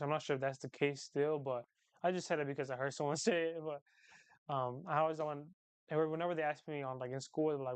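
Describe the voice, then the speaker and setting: Young male streamer, fairly high and smooth voice, dry close sound, loose rambling chat that circles back on itself. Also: fast, dry recording. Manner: rambling, repeats phrases, relaxed slangy talk. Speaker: livestream host chatting with viewers. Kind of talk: casual chat.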